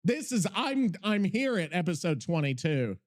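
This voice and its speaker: A man's voice: high voice, very animated, moderate pace. A man hosting a podcast in a casual, rambling way, swearing often and breaking off mid-thought while he works on something. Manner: profane, scattered, self-interrupting, working while talking. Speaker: podcast host.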